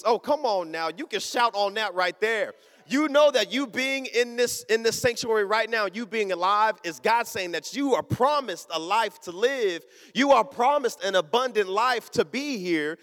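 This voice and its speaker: A man preaching a sermon in a church sanctuary, telling an animated story and calling out to the congregation. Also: high voice, moderate pace, in a large hall. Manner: animated storytelling, call-and-response.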